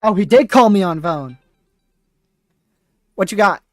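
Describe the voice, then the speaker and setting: Excitable woman live-streaming a storm chase. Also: medium pitch, measured pace, no echo, clean studio sound, faint music behind. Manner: excitable, laughs often, talks to chat.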